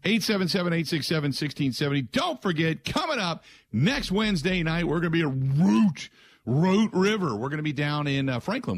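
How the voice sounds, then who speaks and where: Male sports radio host, animated rhetorical monologue, close dry studio mic. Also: fairly high pitch, no room sound. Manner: animated and rhetorical, mocking the answers he expects.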